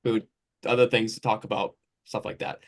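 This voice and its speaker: A man's voice: on the low side, flat delivery, normal speed. A man hosting a casual sports podcast, talking in a loose, rambling way that drifts through lists and asides. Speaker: podcast host.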